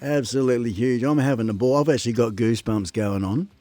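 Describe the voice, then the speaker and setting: A man hosting a casual live stream, excitable and laughing as he plays music and gives shout-outs to viewers from his home studio. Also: mid-range voice, fast, dry recording. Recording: music playing behind.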